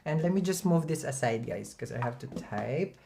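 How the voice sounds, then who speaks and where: A low-pitched woman chats loosely through a livestream, greeting viewers one by one. She is middle-aged, talks in a friendly rambling way, and laughs often between her remarks. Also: lively intonation, moderate pace, creaky, slight background noise. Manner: chatty, laughs often, shout-outs to viewers. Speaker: astrology livestream host. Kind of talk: casual livestream chat reading comments.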